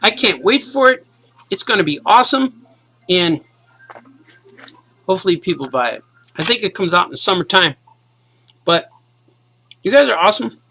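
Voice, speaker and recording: A man in his forties, a cartoonist, casually and excitedly reading his comic aloud to kids. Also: high-pitched, moderate pace, long pauses, a little hiss or hum, poor audio. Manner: enthusiastic, casual, says "man" a lot.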